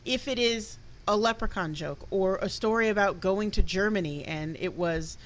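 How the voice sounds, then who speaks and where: A woman's voice: medium pitch, normal speed, poor audio. A woman hosting a loose panel chat, blunt and playful, with a mid-range voice. She swears freely and talks with easy confidence. A faint hiss of noise sits under the voice. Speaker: host.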